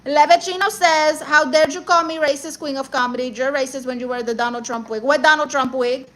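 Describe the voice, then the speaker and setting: A young woman from Puerto Rico and Guatemala doing a sassy comedic livestream, reading viewer comments in a loud, brash, exclamatory way and dropping Spanish slang. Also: high voice, fairly even intonation, a little fast, rough recording.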